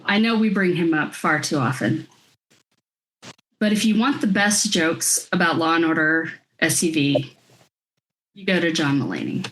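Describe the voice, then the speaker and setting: A woman's voice: medium pitch, fairly bright tone, poor audio. A woman in her forties co-hosting a podcast, telling stories in casual chat, laughing often and swearing freely. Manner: laughs often, profane storytelling. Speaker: podcast co-host.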